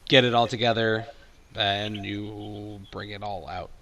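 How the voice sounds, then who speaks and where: A man's voice: fairly low pitch, level tone, measured pace, sharp tone, highs cut off. A young man narrating a tabletop game as game master, casual and rambling with fillers.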